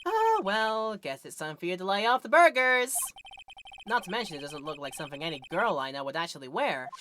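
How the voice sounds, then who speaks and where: A woman's voice: lowish voice, big pitch swings, brisk, a bit bright, slight background noise. A woman doing a dry, sarcastic young lawyer. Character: exasperated young male defense lawyer. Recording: game music behind.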